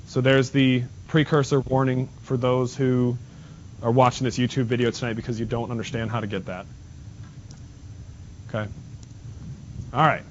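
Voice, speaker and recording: Man teaching a math class. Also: on the high side. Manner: brisk, asks students questions, repeats points. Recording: dull lo-fi classroom recording with noise.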